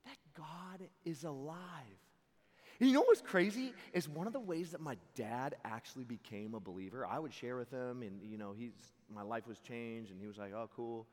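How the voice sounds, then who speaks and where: A young man preaches to a youth camp crowd in a big hall, and his voice carries a long reverb tail. He tells stories in a casual, animated way, jumping into quoted voices and laughing often. His pitch sits in an ordinary middle range. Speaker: camp speaker. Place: large hall before a live audience.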